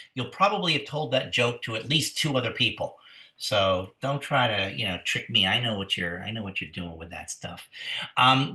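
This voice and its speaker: A man's voice: medium pitch, pushed and bright. A man educator hosting a webinar, telling a joke in a folksy, rambling way with restarts. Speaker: museum educator. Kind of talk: webinar presentation. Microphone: webinar computer mic. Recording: echoey room.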